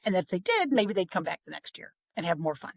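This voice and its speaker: A middle-aged woman talking about parenting on a podcast, chatty and expressive, sometimes acting out what others said. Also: fairly low pitch, quick pace, creaky, dry recording. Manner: chatty, expressive, acts out quoted voices. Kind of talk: casual podcast conversation.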